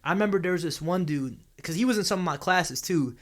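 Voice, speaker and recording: A man's voice: sits high, fast talker. A young man co-hosting a podcast, telling a campus story in a laid-back, slangy way. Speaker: podcast co-host. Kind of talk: casual storytelling chat.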